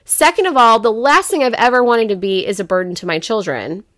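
A woman's voice: a little high, lively intonation, brisk, fairly bright tone. A woman who is a mother, telling a personal story in a frank, casual podcast conversation, swearing freely and leaning on "like" and "you know". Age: adult parent. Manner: frank, profane storytelling with filler words.

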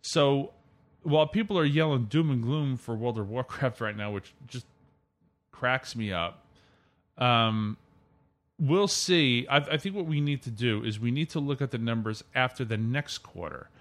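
A man hosts a casual gaming podcast, chatty and opinionated, steering the conversation through the news and leading the topics. His voice is medium-pitched and his pace measured.

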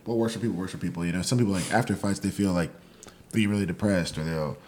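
A man's voice: sits low, fast talker, a little mellow. A man who fights professionally, chatting casually and eagerly in an interview, with many fillers.

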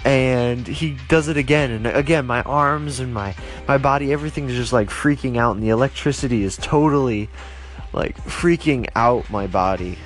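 A man's voice: medium pitch, moderate pace, faint music behind. A young man casually telling stories to his viewers, rambling with lots of fillers and restarts and livening up when he reacts. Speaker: vlogger. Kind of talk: casual storytelling to camera.

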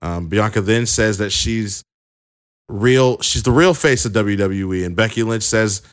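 A man's voice: lowish voice, a little slow. A young man recapping a wrestling show in a casual, chatty way with plenty of fillers. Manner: chatty, many fillers and restarts.

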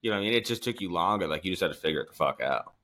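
Podcast host, middle-aged man: low voice that swings a lot, foul-mouthed and laughing. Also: expressive, racing, bright, forceful tone. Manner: profane, laughing, storytelling. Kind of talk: casual chat.

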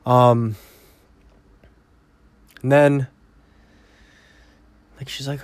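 A man rambles through a movie recap in a casual, foul-mouthed way. He talks at a slow, drawn-out pace with a mid-range voice. The sound is dry and close, with no room echo. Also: medium pitch, a little mellow. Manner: profane, blunt and rambling. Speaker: movie reviewer.

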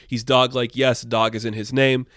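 A man's voice: medium pitch, flat delivery, normal speed, a bit bright, no room sound, studio quality. A young man talking loosely and irreverently in a casual opinion monologue, swearing now and then. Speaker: commentator.

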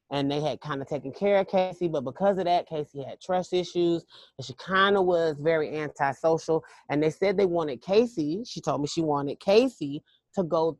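A woman's voice: sits low, a little mellow, dry recording. Woman rambling through a story, chatty and emphatic, dry close sound. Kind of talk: casual storytelling to listeners.

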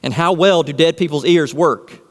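A man preaching in a church, his fairly high voice ringing through the long reverb of a large hall. He keeps firing rhetorical questions at the congregation and answering them himself, leaning hard on his key points. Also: normal speed. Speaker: pastor. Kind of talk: sermon.

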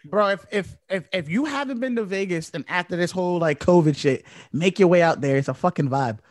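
Fast-talking young man in casual chat. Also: high-pitched, no echo, studio quality. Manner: quick, relaxed, chiming in with questions. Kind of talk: casual chat among friends.

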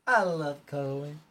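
Woman podcast co-host, animated, playful and defensive, casual banter. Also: low-pitched, a little hiss or hum. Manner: playful, defensive, laughs while talking. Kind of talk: casual chat.

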